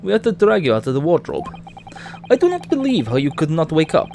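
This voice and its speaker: A man voicing a gruff, accusing male ship's sailor in a put-on Russian accent, with broken grammar. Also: fairly high pitch, huge pitch swings, fairly quick, mellow, slight background noise, full character voice. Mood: threatening. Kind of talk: reading game dialogue aloud on stream.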